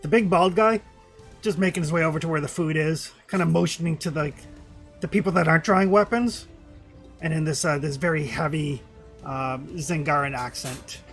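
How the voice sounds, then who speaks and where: A man running a tabletop game, describing the scene casually and leaning on fillers like kinda and like. His voice sits a bit high, with faint music behind him. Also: normal speed, a bit bright. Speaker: game master.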